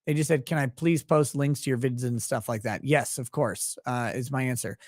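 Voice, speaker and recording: A man's voice: mid-range voice, fairly even intonation, normal speed, no room sound. Guy rambling on his stream, swears a lot, dry close sound. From Minnesota, USA. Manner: profane, rambling, laughs often. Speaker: livestream host reading chat. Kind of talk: casual livestream chat.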